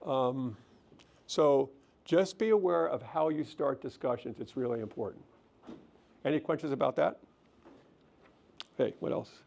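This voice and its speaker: Gravelly-voiced male counselor giving a lecture. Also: medium pitch, measured pace, pauses often, dull audio, a little hiss or hum. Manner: gentle, self-deprecating, thinks aloud with restarts. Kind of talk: relaxed lecture with audience questions. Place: lecture hall.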